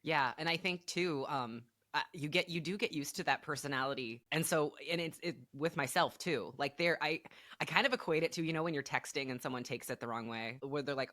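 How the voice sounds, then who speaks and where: Podcast host lady, bright punchy voice, dry close mic, laughs a lot, trips over her words. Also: extremely low pitch, dry recording. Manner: warm, laughs often, halting restarts. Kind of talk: casual podcast chat.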